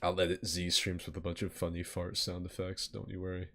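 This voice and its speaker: A man's voice: low voice, completely flat delivery, fairly quick, creaky, a bit bright. A man hosting a podcast in casual chat, swearing and self-mocking, often laughing. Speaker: podcast host.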